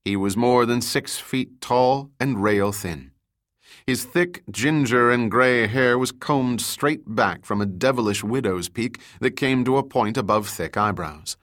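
A man narrating an audiobook in a measured, descriptive reading. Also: medium pitch, fairly bright tone.

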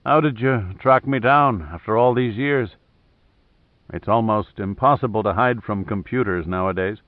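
A man voicing an old, big Irish seaman with a soft Irish accent, speaking tersely. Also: lowish voice, normal speed, no echo, lightly acted. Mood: melancholy. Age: older. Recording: thin phone-like dry audio.

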